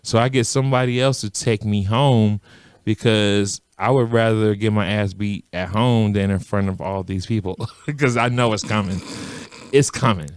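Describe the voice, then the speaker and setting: A man's voice: lowish voice, normal speed, smooth, dry recording. A man co-hosting a podcast, telling a story in a casual chat, laughing often and acting out what others said. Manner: animated storyteller, laughs often, acts out quotes. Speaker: podcast co-host.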